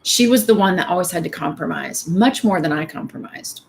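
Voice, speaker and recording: A woman's voice: fairly low pitch, expressive, a little fast, vocal fry, a little hiss or hum. A middle-aged woman giving a candid, conversational motivational talk at a women's event, with many fillers. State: tearful at times.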